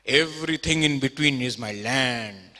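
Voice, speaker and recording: A man's voice: medium pitch, steady tone, fairly quick, pushed and bright, voice pushed down, lightly acted. A man voicing a proud, sly rural Indian farmer who answers with dry wit, in a reverberant auditorium.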